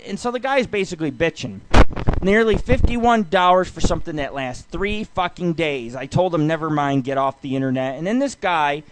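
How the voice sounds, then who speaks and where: A man's voice: a little high, animated, normal speed. A man hosting a late-night internet radio show, ranting in a loose, profane, rambling way and telling crude jokes. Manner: loose, jokey storytelling. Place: show based in Las Vegas. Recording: loud constant background noise.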